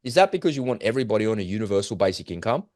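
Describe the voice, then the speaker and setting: A man's voice: on the low side, big pitch swings, rapid-fire, darkish tone, no echo, clean studio sound. A man, co-hosting a podcast in heated, emphatic casual talk. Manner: heated, emphatic, acts out quoted voices. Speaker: podcast co-host. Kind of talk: casual conversation.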